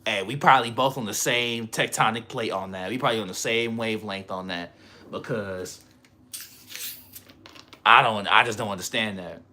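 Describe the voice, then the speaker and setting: Bright-voiced rambling male streamer. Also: on the low side, moderate pace. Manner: rambling, slangy, laughs often. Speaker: livestreamer. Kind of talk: casual livestream chat.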